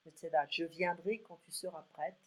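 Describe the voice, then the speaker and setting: A woman's voice: lowish voice, a little fast, a little mellow, low-quality recording. A woman with a French accent, a native French speaker, giving a one-to-one French lesson over a video call. She drills verb forms aloud and explains them in English. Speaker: French tutor.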